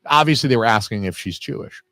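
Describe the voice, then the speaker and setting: A man's voice: mid-range voice, animated, fast, sharp tone, dry recording, clean studio sound. A man giving a live, casual film commentary, swearing freely and wandering off on tangents with lots of fillers. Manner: casual, profane, digressive with frequent fillers.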